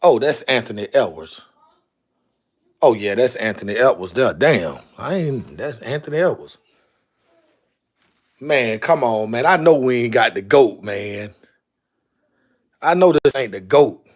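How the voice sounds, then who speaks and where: Man, slow drawl, lively up-and-down pitch, casual live stream chat. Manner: drawling, exclaiming to himself while sorting jerseys.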